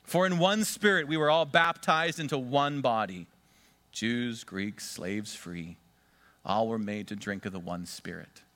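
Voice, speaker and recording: A man preaching a sermon with a mid-range voice. He stresses key words loudly and drops to quiet asides, and he leads the congregation in repeating phrases back to him. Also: mid-range voice, a little slow. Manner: emphatic, swings between loud stresses and quiet asides; leads congregation in call-and-response repetition. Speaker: pastor.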